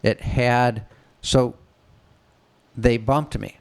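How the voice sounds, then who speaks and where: A man's voice: mid-range voice, steady tone, extremely slow, gravelly, smooth. A middle-aged man from the Detroit area telling a story in casual talk, frank and profane, acting out the voices of people he quotes. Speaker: podcast co-host telling a story.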